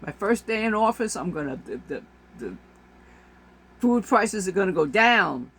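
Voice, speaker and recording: A woman's voice: mid-range voice, big pitch swings, unhurried, a bit bright, slightly rough. Exasperated woman ranting to camera. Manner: exasperated, repetitive, emphatic. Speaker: vlogger.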